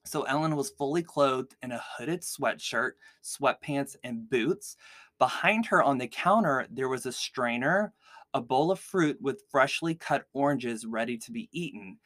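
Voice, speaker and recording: A man's voice: mid-range voice, unhurried, fairly bright tone, dry recording. Chatty man telling a true-crime story. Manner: chatty, heavy use of "like" fillers. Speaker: podcast host.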